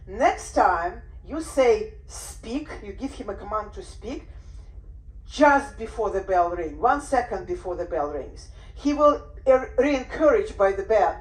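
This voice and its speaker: Animated woman teaching in an echoey room. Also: fairly high pitch. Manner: animated, acts out owner and dog voices. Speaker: dog behaviour trainer. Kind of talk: workshop talk. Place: room on a cruise ship. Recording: roomy echo.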